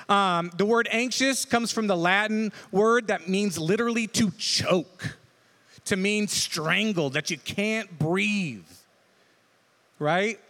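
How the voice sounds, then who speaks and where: A man's voice: high-pitched, fairly bright tone. A man preaching a conversational sermon as pastor, who talks casually and keeps checking in with the listeners by asking "right?". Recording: long hall reverb.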